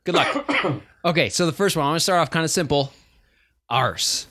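A man's voice: a little high, fast talker, sharp tone. A man co-hosting a gaming podcast, quizzing his friends in a playful, casual chat and laughing often. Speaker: podcast co-host.

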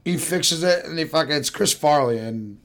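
A man's voice: fairly high pitch, expressive, normal speed, fairly bright tone. A young man, chatting casually on a podcast, rambling and swearing in a laid-back way. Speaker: podcast co-host. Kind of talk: casual chat.

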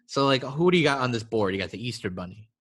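A man's voice: medium pitch, animated, fast, fairly bright tone. A man riffing playfully in a casual comedic podcast chat. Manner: riffing, playful, slips into silly voices.

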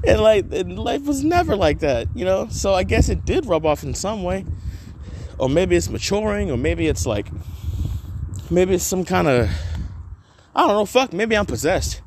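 A man hosting his own podcast, talking straight to listeners in a voice that sits a touch higher than most men's. He rambles, swears casually and leans on filler words as the story unfolds. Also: slight background noise. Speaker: podcast host.

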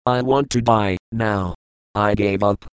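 A man's voice: on the low side, slow pace, clean tone, dry recording. A man reading as a numb, despairing young man. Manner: flat, monotone.

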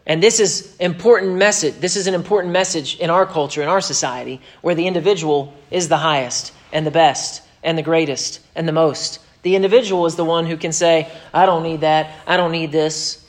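A pastor preaches with emphasis, punching key phrases and dropping into quick asides. He slips into mocking voices when he quotes others. His voice sits a little high for a man. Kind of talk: sermon.

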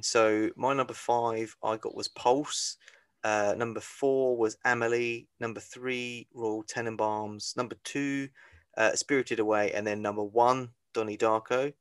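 A man's voice: mid-range voice, clean tone. A young man co-hosting a podcast, casually running through lists and steering the chat. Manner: relaxed, steering the conversation. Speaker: podcast co-host.

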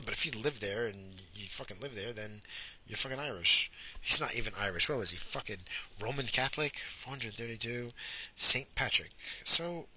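Profane ranting man, bright voice. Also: on the low side, slightly rough. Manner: sarcastic, swearing, animated ranting. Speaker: vlogger. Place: pulled over in a car.

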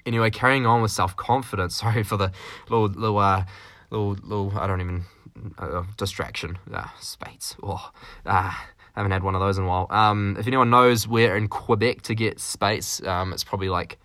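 Low, forceful man. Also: dry recording. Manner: rambling, with many fillers and restarts; jokey, with mild swearing. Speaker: podcast host. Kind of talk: solo podcast monologue.

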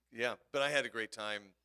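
A man's voice: mid-range voice, pushed and bright, smooth, no echo. A tired man bantering dryly and playfully during a church service. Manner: dry, joking, playful.

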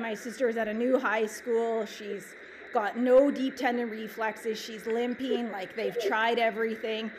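A woman's voice: fairly high pitch, low-quality recording. A woman in her forties, a chiropractor, telling stories casually in an interview, full of "like" and "right?". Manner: chatty, lots of "like" and "right?". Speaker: chiropractor guest. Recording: background noise.

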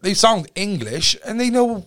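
A man's voice: high-pitched, very animated, measured pace, a crowd in the background. A man with a South Wales accent, a podcast guest telling stories in casual chat, swearing freely and rambling with many restarts. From Cardiff, Wales.

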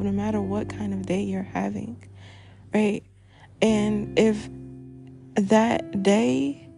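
A woman's voice: medium pitch, vocal fry. A woman hosting a podcast, talking candidly and emphatically in a reflective personal monologue, repeating phrases and swearing freely. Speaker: podcast host.

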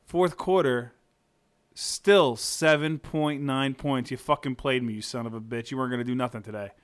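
A young man co-hosting a podcast in casual banter, loud, profane and indignant, yelling into his microphone. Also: medium pitch, moderate pace, clear, resonant tone. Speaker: podcast co-host.

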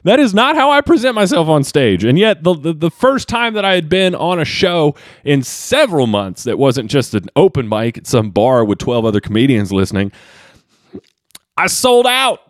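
Animated self-mocking podcast man, slight twang. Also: normal speed, dry recording, studio quality. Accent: slight Southern twang. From Kentucky. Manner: animated, jumps pitch for comic emphasis, self-mocking. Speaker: podcast host and stand-up comedian. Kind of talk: rambling solo podcast monologue.

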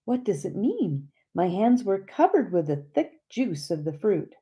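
A woman's voice: medium pitch, sing-song, measured pace, mellow, pitched above the performer's own voice. A woman reading the lines of a young woman newly arrived in heaven, voicing her in a raised, eager, questioning tone. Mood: wondering.

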